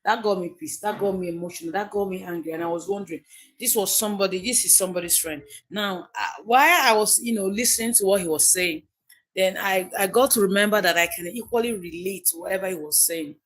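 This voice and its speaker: A woman's voice: mid-range voice, fast talker, a bit bright. A Nigerian woman hosting a casual livestream, chatty and emphatic, often repeating her key phrases. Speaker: livestream host.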